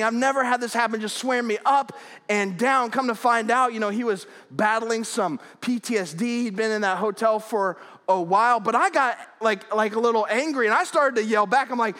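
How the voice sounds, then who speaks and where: A man with a high voice delivers a sermon from a church sanctuary, telling stories with humor and frequent restarts. The sound carries a long hall reverb around him. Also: normal speed, fairly bright tone. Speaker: pastor.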